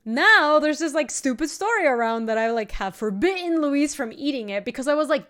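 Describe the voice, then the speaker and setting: A woman's voice: high-pitched, fairly quick, few pauses. Chatty young woman telling a story. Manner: chatty storytelling, animated laughing asides. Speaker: streamer. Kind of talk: casual chat while playing a card game. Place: home streaming setup.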